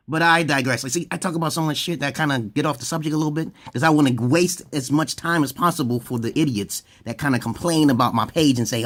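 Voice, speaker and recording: A man vlogging a rambling comedic monologue, swearing freely, drifting off topic and jumping suddenly into a high, excited voice. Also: fast, hardly any pauses. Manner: profane, digressive, often breaks into laughter.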